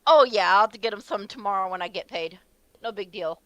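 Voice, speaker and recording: A woman's voice: mid-range voice, expressive, quick pace, no echo. A woman co-hosting a stream in casual chat, chatty and giggly.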